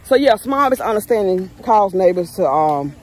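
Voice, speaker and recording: A mother talks at normal speed in a very animated, mid-range voice, vlogging outdoors on a neighborhood street. The casual chat is full of slang, and another person films her with a phone camera.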